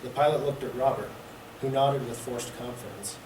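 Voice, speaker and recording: Male writer, plain steady prose reading, mid pitch, distant mic in a roomy hall. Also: moderate pace. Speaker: fiction writer reading his work. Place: public library reading event. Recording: echoey room, distant mic, background noise.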